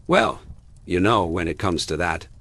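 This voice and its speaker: A man's voice: low voice, big pitch swings, a little slow, creaky, fairly bright tone, heavily acted. A man reading an audiobook, voicing a stern, pompous older uncle.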